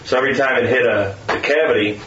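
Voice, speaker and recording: A man's voice: mid-range voice, quick pace, a bit bright. A man chatting casually in a sarcastic, rambling way, often mimicking voices, recorded from a distance with a muffled sound. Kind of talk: casual chat. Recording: roomy, distant, muffled with faint noise.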